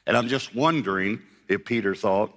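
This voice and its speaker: A man's voice: on the low side, moderate pace, fairly bright tone, big-room sound. A man giving a sermon as a pastor, telling the story with humor and acting out the voices of its people.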